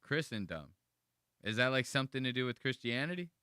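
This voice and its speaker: A man's voice: medium pitch, sing-song, fairly quick, sharp tone, clean tone, no room sound, clean studio sound. A man hosting a casual podcast, ranting in an exasperated, profane, mocking way while reacting to clips.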